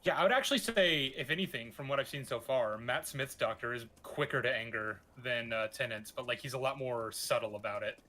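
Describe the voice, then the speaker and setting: Man, casual chat, bright forward voice, hesitant filler-heavy talk. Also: mid-range voice, fairly quick, few pauses. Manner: relaxed, hesitant, lots of fillers. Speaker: co-host of gaming playthrough.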